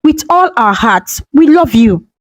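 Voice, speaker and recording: A woman's voice: high voice, very animated, measured pace, heavily acted. A woman voicing an adult daughter who weeps and pleads with her dying mother. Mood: pleading. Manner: tearful, pleading. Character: weeping adult daughter, guilty and desperate.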